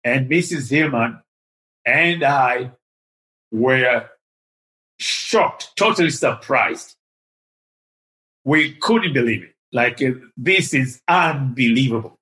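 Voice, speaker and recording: An older man, from Tanzania, telling an animated story as an interview guest. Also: mid-range voice, slow, pauses often, poor audio. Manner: animated, acts out the voices in his story.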